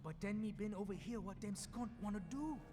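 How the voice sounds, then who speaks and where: An actor playing a brash Guyanese street kid. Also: male voice, high voice, brisk, natural voice. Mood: streetwise. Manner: heavy dialect, swaggering and cocky. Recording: game audio with long reverb and music.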